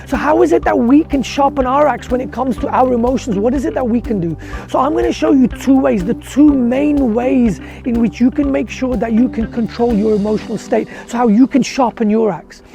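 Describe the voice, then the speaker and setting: Male motivational speaker, very high voice with gravelly fry, earnest rhetorical delivery. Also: a little fast, dark tone, faint music behind. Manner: rhetorical questions, earnest and direct. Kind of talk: motivational talk with storytelling.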